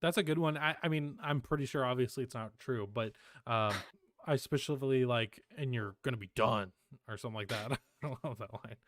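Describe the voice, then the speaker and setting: A man's voice: mid-range voice, fairly quick, fairly bright tone, no room sound, clean studio sound. A young man co-hosting a casual podcast, laid-back and laughing often as he plays clips. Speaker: podcast co-host.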